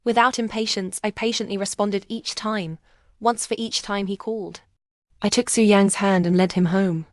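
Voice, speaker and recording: A woman narrating a first-person romance story in a calm, emotional storytelling manner. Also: mid-range voice, normal speed, dry recording, studio quality.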